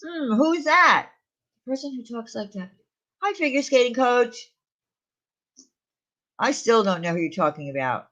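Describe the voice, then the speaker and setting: A woman's voice: a little high, animated, a little slow, long pauses, a bit bright. A woman chatting casually on a live stream, answering viewers' comments aloud. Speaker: streamer reading chat. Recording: dull lo-fi stream audio.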